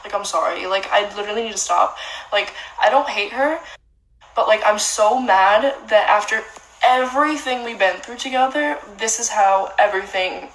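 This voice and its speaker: A woman's voice: mid-range voice, moderate pace, fairly bright tone, echoey room, low-quality recording. A young woman ranting angrily and profanely, full of "like" fillers, about another dog owner. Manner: heated, profane, filler-heavy. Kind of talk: angry vlog rant.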